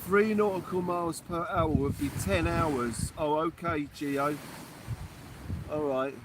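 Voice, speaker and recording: Chatty man, high voice, windy. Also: slow. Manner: chatty, reads out and answers viewer comments. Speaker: fishing channel host. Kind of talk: casual live-stream chat. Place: outdoors by the water at night.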